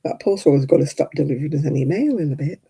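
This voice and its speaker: A woman's voice: deep voice, animated, very fast, gravelly, warm tone, slightly rough, rough recording. A woman in her seventies chatting casually and rambling with chuckles while she hosts a crafting livestream. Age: 70s. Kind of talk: casual chat.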